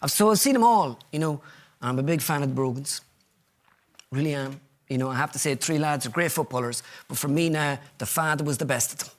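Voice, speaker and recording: A man's voice: on the high side, a little fast. A man with an Irish accent, a comedian guest telling chatty, rambling, self-mocking stories on a talk show. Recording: loud studio audience laughter behind.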